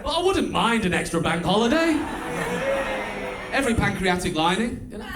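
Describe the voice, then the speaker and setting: Male stand-up, Stoke-on-Trent accent, high voice, chatty and wry, live club recording with clear hiss. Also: sing-song, normal speed. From England. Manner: chatty and wry, with bursts of loud mimicry. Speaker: stand-up comedian. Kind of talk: stand-up comedy set. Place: comedy club stage before a live audience.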